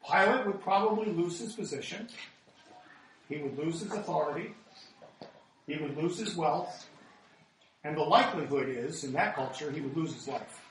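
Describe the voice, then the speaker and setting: A man's voice: fairly high pitch, animated, moderate pace, pauses often, slight background noise. A male American pastor delivering a sermon, reading scripture dramatically and asking rhetorical questions. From United States. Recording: very echoey hall, speaker far from mic.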